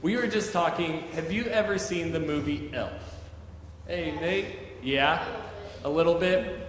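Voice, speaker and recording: Pastor, male, high voice, friendly children's talk, very echoey church sanctuary with a long ring. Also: a little slow. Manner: chatty, gentle, talks to children with questions. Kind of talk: children's moment in a church service. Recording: very echoey church hall, faint noise.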